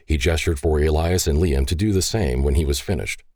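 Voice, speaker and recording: Male audiobook narrator, very low, mellow tone, animated delivery. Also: fairly quick, dry recording, clean studio sound. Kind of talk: scripted narration.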